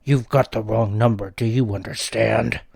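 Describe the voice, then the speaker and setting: A man voicing a gruff, menacing man who growls curt warnings down the phone. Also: on the low side, fairly even intonation, normal speed, darkish tone, no echo, studio quality.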